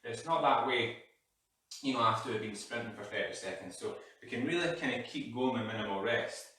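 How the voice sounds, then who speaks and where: A man's voice: medium pitch, brisk, sharp tone. A man leading a live workout while exercising, out of breath and breathing hard as he talks. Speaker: fitness coach. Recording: echoey room, mic far off.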